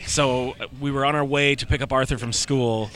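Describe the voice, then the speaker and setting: A man's voice: medium pitch, fairly even intonation, a little fast, fairly bright tone. A man co-hosting a casual sports podcast, telling stories and acting out what others said. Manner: storytelling, acts out quotes. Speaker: podcast co-host.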